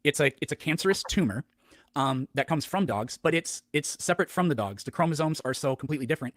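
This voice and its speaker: A man making a debate argument, explaining quickly with many fillers. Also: a little high, lively intonation, a bit bright, no echo, studio quality.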